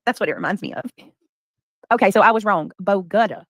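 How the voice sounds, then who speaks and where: A woman's voice: mid-range voice, fast talker, a bit bright, dry recording, studio quality. A woman hosting a casual livestream, greeting chatters by name. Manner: greets chatters by name, breaks into bits of song. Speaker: livestream host.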